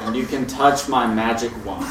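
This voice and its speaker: Hesitant guy in a live sketch, boomy distant room sound. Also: moderate pace. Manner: hesitant, sheepish, full of ums. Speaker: sketch performer. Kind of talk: comedy sketch acting. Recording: echoey room from far off with noise.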